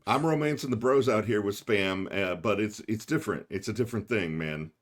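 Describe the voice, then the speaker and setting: This man's voice sits a little low. He mostly listens, then chimes in with brief, dry remarks and teasing questions. It is relaxed podcast banter. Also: brisk. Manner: dry, short interjections and quips. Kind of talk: casual chat.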